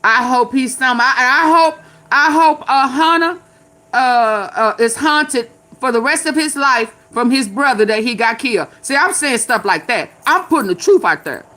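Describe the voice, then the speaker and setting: A woman's voice: sits high, lively intonation, normal speed, bright, forceful tone. An older woman giving sassy, blunt casual commentary in a preachy, repetitive way. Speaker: commentary vlogger.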